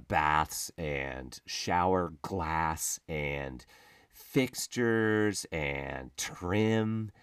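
A man's voice: sits low, dry recording, clean studio sound. A man hosting a podcast, giving a casual comedic monologue in a sarcastic, profane, ranting manner. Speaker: podcast host.

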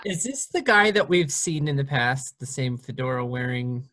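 A woman's voice: rumbling low, animated, normal speed, a bit bright. A woman playing a tabletop game from home over a video call, chatty and playful with lots of fillers. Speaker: player. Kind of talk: casual tabletop play.

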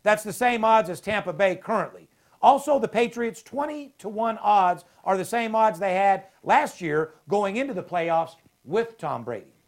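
A man's voice: high-pitched, lively intonation, moderate pace. A man hosting a sports betting podcast, talking brashly and profanely, all hyped up. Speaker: podcast host. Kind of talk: casual sports betting talk.

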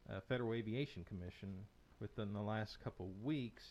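A man's voice: lowish voice, fairly quick, darkish tone. A man presenting tech news on a casual podcast, easygoing and explaining steadily. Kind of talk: casual chat.

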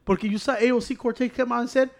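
A man in casual banter, animated and profane, slipping between English and Spanish. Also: very high-pitched, racing, vocal fry.

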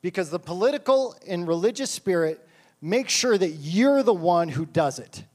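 A man's voice: high voice, lively intonation, moderate pace, a little mellow. A male pastor preaching a sermon and reading scripture aloud, fired up and impassioned.

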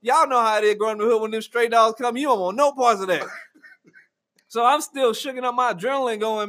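Male host, high voice, animated comic storyteller, quick to laugh. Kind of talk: casual comedic chat.

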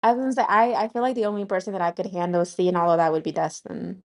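A woman hosts a relaxed conversation, curious and quick with blunt follow-up questions. Her voice sits at a middle pitch with a mellow, warm tone. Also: creaky. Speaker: podcast host. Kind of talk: casual chat.

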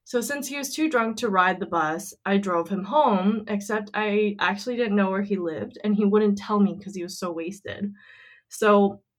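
A woman's voice: mid-range voice, normal speed. A woman co-hosting a casual podcast, retelling a friend's story in a chatty way with lots of fillers. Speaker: podcast co-host.

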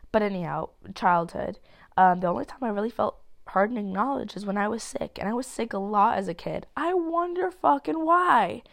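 A nineteen-year-old woman talking alone on her podcast, thinking out loud. She rambles through tangents with lots of fillers and casual swearing. Her voice has a gravelly, fry-tinged edge and sits at a middle pitch, and she sounds like she is getting over a cold. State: sick with a cold. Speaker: podcast host. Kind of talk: solo podcast monologue.

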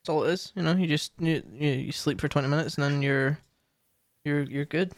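A young man chats loosely as co-host of a podcast. His voice sits a touch high, and he trips through fillers and restarts as he rambles on. The sound is dry and close, with no room around it. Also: fairly even intonation, a little fast, no room sound. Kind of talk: casual chat.

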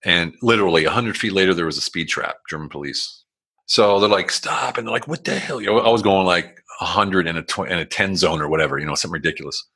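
Low-pitched, fast, pushed and bright with a breathy edge, the voice is that of a man in his forties appearing as a guest to tell his life story. He speaks casually and bluntly, rambling, swearing a lot, restarting frequently with fillers, and acting out what people said.

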